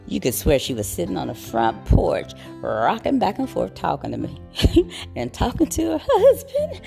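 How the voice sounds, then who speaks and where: A woman nurse telling a story in a casual, animated way, laughing as she goes. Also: high-pitched, moderate pace, gravelly, faint music behind. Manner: animated, laughing, acts out voices.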